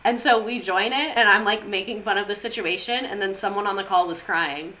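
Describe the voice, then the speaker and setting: A woman's voice: mid-range voice, fairly quick, sharp tone, slight background noise. A young woman streaming, chatting casually and swearing freely as she drifts off on tangents. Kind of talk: casual chat, live stream.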